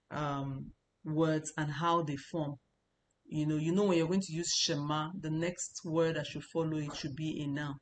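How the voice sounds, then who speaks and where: A woman's voice: low voice, a little hiss or hum. A woman teaching a language lesson, explaining patiently and repeating points with casual fillers.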